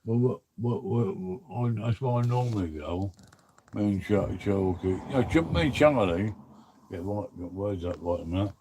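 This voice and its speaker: A man's voice: fairly low pitch, moderate pace, background noise. A man chatting casually as a guest, rambling and restarting his sentences. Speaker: guest on live stream. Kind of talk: casual chat.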